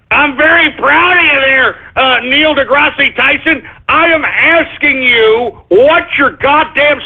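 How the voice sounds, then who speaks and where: Combative high-voiced male radio host. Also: slightly rough. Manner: combative, sarcastic, repetitive. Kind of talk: talk radio rant. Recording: tinny phone-like lo-fi audio.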